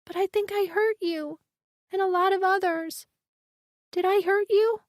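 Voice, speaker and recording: A frightened little girl speaks in a high, trembling voice that stays close to tears, as a woman narrator puts her on. She talks earnestly, and the sound is dry and close. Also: fairly even intonation, unhurried, dry recording. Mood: tearful.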